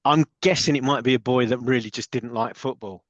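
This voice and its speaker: A man's voice: medium pitch, fairly quick, dry recording, lo-fi sound. A man co-hosting a comics podcast, talking casually and in good humour, laughing easily. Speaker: podcast co-host.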